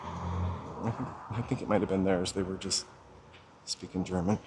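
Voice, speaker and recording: A man's voice: sits low, steady tone, moderate pace, noisy background. Chatty American man musing on a walk. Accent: General American. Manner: chatty, musing aloud, answering viewers' chat. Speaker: walking tour livestream host. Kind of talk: casual livestream chat. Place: outdoors on a city street while walking.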